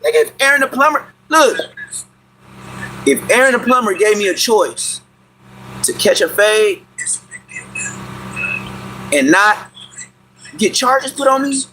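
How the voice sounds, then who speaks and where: A man with Los rants on a livestream, his voice high and very bright. He talks in loud, repetitive bursts and breaks into sudden yelps. A faint noise hangs behind him. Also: rough recording. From Inglewood, California. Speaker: livestream host. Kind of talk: animated livestream rant.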